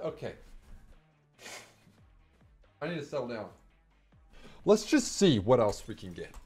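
A man giving excited, rambling live commentary over his game stream, breathless and repeating himself. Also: medium pitch, a little slow, pauses often, breathy edge, faint music behind.

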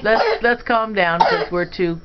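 A woman plays along with a children's make-believe game, mock-scolding and teasing in a sing-song way. The home video sounds muffled. Steady background noise runs under her voice. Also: mid-range voice, a little slow. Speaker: family member filming children at play. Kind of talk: playful home video chat. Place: room in a family home.

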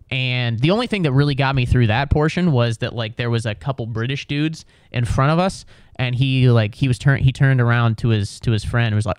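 A young American comedian tells a story in an animated, profane way, leaning on filler words. His voice is smooth and clear, recorded close and dry with no room sound. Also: mid-range voice, normal speed, no echo. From United States. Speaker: comedian podcast host.

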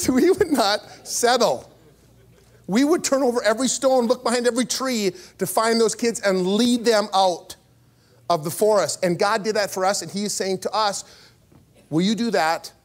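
A man preaching a sermon as pastor, telling stories with sudden jumps in pitch and small laughs along the way. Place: church.

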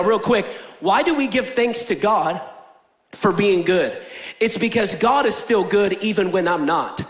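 Animated young preacher in an echoing hall. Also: male voice, high-pitched. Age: young adult. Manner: animated, shifts between loud proclaiming and quiet asides. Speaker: pastor. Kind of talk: energetic sermon with jokes. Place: large church hall. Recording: echoey church hall.

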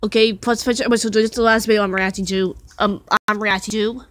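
A woman's voice: medium pitch, fairly even intonation, quick pace, no room sound. A woman giving casual, blunt and mocking reaction commentary on a video.

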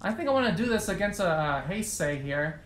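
A man giving excitable gameplay commentary, trash-talking opponents and swearing a lot. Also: high voice, brisk. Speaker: gaming YouTuber. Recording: roomy echo with faint noise.

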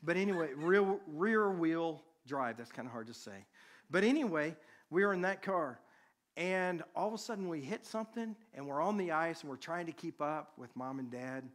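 A man preaching, a pastor telling a personal story to his congregation in a conversational, animated way. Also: on the high side, fairly quick.

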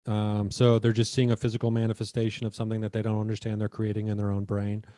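A man hosting a podcast, talking things through in a relaxed, thoughtful way and laughing easily. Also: on the low side, quick pace, no echo. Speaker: podcast host. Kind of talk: casual conversational chat.

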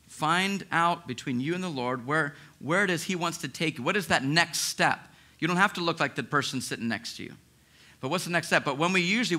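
A man preaching a sermon as pastor, in a lively, conversational way with frequent restarts. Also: fairly high pitch. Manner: acts out listeners' inner objections.

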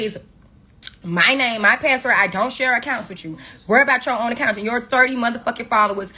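A woman on a phone livestream, scolding her viewers in a profane, confrontational rant. Her voice is husky and breathy, with a tense, forceful edge, and it sits a little high for a woman. The sound comes through a phone mic. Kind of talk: angry rant on a social media livestream.

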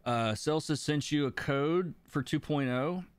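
A man streaming a coloring lesson from his desk, walking viewers through his thinking and answering chat as he goes. His voice is smooth and resonant, and the sound is close and dry with no room echo. He keeps an easy, explanatory manner and chuckles now and then. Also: fairly high pitch, measured pace. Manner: relaxed, explanatory, laughs between points. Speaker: comic book colorist and teacher. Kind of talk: live-stream art lesson, reading chat.

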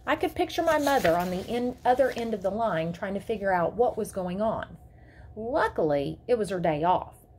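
A woman teacher reading a children's novel aloud to her class with expressive storytelling. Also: medium pitch, normal speed, slight background noise.

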